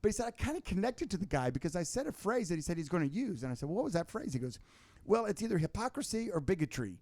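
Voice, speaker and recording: Man guest, slightly high voice, animated storyteller with many restarts, dry close mic. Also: fast, no room sound. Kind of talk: casual political chat.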